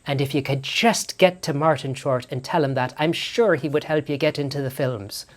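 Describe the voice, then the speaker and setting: A woman's voice: deep voice, moderate pace, natural voice. A man voicing his chatty older aunt, rambling and correcting herself as she insists. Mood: insistent. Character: chatty older Irish aunt, eager matchmaker.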